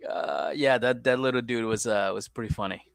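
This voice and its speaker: Young male co-host, relaxed and chatty, mid-pitched, dry close mic. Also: fairly quick, smooth, no echo. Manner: laid-back, says "dude" a lot, playful impressions. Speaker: podcast co-host. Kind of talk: casual comedic chat.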